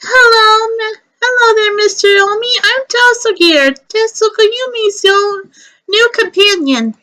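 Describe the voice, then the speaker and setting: A woman reading a game story aloud, voicing a polite, gentle young creature companion. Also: very high voice, unhurried, pitched above the performer's own voice, exaggerated voice.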